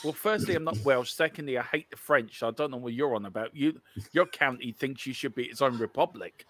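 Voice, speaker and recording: With a mid-range voice that is slightly fast and a bit bright, an Irish co-host from Cork chats on a live football watchalong stream. His talk rambles along with fillers, teasing and laughter.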